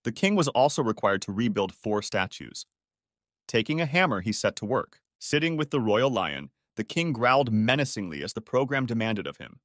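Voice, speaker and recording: Man, story recap narrator, scripted read-aloud, animated pitch, dry close recording. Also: moderate pace, no room sound.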